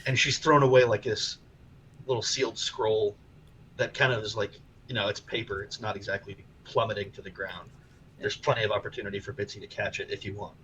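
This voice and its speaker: Man, game master, narrating, relaxed, filler words, faint noise. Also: on the low side, fairly quick, low-quality recording.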